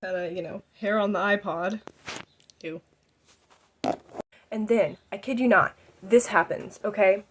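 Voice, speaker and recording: A young woman tells a story in a casual, animated vlog style. She acts out each scene as she goes and fills her talk with "like" and "you know." Her pitch sits at a typical middle level. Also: unhurried, pauses often, a little hiss or hum. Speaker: vlogger telling a story.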